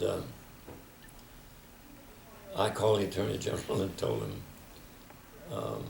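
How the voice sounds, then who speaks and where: A man's voice: on the low side, gravelly, far from the mic. An older man telling stories in a reflective oral history interview, often quoting others. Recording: echoey room, faint background noise.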